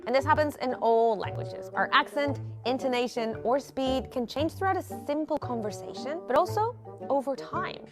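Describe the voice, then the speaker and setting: A woman's voice: high voice, animated, moderate pace. Woman narrating over music. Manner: clear, explanatory, lightly playful. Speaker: host. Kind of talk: scripted narration. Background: background music.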